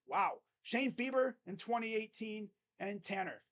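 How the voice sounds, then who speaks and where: A man hosting a live sports reaction stream, chatty and excitable, talking straight to his viewers. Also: high voice, a little slow, hardly any pauses.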